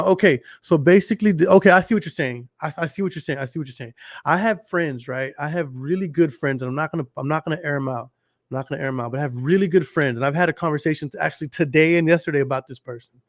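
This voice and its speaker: A man's voice: a little high, fast talker, no room sound, clean studio sound. A man with a Texas accent hosting a casual solo podcast, blunt and profane, talking straight to his listeners. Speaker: podcast host.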